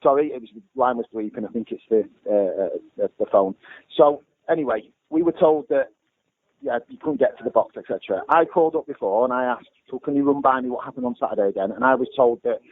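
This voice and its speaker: A man's voice: mid-range voice, animated, fast. Exasperated man swearing. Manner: exasperated, heavy swearing, blunt. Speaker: small gym owner on a complaint call. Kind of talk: phone complaint and ranting asides. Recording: lo-fi phone-like sound with faint music.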